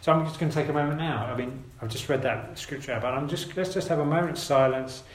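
A man's voice: a little high, fast. Earnest male preacher in an echoey church. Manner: earnest, gentle exhortation with repeated phrases. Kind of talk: sermon.

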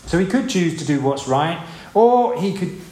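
A man's voice: fairly high pitch, animated, normal speed, warm tone. A man preaching a sermon in a conversational way, asking rhetorical questions and acting out voices. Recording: echoey room with faint ambience.

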